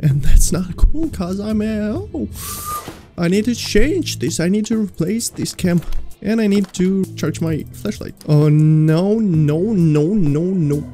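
Gamer narrating horror gameplay live; slow delivery, mellow tone, frantic word repeats, faint music behind. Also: mid-range voice, expressive. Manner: panicky, repeats words over and over; pleads with and scolds the game's monsters. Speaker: gamer playing a horror game.

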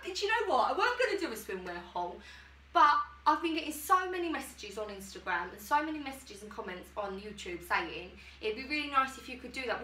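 Bright-voiced woman, giggly and chatty, recorded from across an echoey room. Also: on the high side, far from the mic, slight background noise. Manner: bubbly, giggly, self-deprecating. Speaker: YouTuber. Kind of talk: chatty try-on haul vlog.

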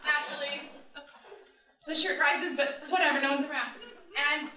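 A woman's voice: high voice, steady tone, moderate pace, sharp tone. Giggly woman telling a story on stage. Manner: chatty and giggly, many ums. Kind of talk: live storytelling. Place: live stage event before an audience. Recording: very echoey venue, distant mic, audience audible.

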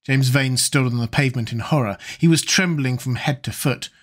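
A man narrating a classic novel in a measured, dramatic audiobook reading. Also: mid-range voice.

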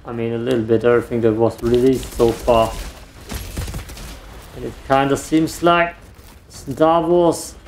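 Playing a video game, this man delivers casual let's play commentary full of dry, self-mocking remarks. He has a medium-pitched voice, and there's a little hiss or hum in the recording.

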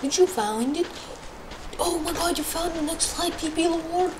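A woman gaming streamer gives live commentary on a horror game, easily startled and exclaiming often. Her voice is extremely high and her pace moderate, with noticeable background noise in the recording.

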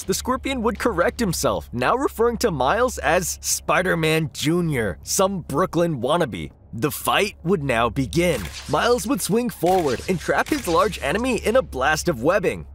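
A man's voice: fairly high pitch, a bit bright, breathy edge. A man narrating a comic-book story recap in a dramatic, scripted storytelling manner.

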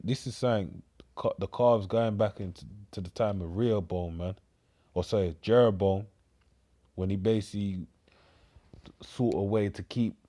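Male preacher, Cockney accent, low dark voice, rambling scripture talk. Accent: London Cockney. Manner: rambling, repeats words, says "man" and "mate" often. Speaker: street preacher.

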